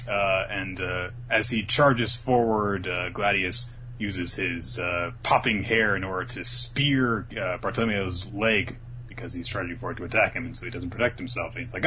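A man's voice: on the low side, normal speed, a little hiss or hum. A man on a casual podcast, retelling anime episodes and acting out the characters' lines with lots of energy. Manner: animated storytelling, acts out the characters' lines in raised voices. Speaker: podcast co-host recapping an anime. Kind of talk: casual chat.

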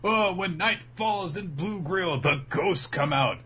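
A man putting on a high, excitable young boy who yelps his lines in a rush. The voice jumps well above the man's own. It is a quick cartoon-style impression. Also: slight background noise, exaggerated voice. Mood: urgent. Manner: high, urgent, yelping.

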